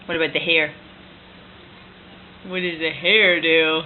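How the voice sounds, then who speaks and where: A woman at home retelling a picture book with a toddler, gentle and coaxing, often dropping to a hush. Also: deep voice, steady tone, unhurried. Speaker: parent reading to a toddler. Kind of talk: bedtime story retelling. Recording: tinny lo-fi home recording, faint hiss.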